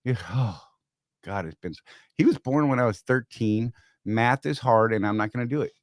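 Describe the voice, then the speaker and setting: A man in his fifties hosts a live show, rambling and self-mocking in a loose, joking way. The room sounds dead and close, with no echo at all. His pitch sits squarely in the middle. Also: normal speed. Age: 50s. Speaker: podcast host. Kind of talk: casual live-stream chat.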